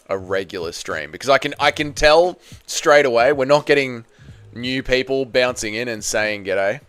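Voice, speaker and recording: A young man casually chatting on a livestream, answering chat comments, swearing and breaking into loud excited bursts. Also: mid-range voice, smooth, no echo. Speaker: livestream host.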